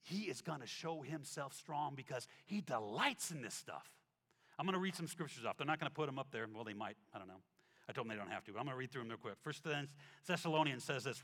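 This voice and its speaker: A man preaching a sermon as pastor, telling stories with acted-out quotes and dropping to a soft tone when reading scripture. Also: mid-range voice, a little fast. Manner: animated storytelling, acts out quotes, drops to soft tones for scripture. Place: church sanctuary. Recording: reverberant hall with soft instrumental music.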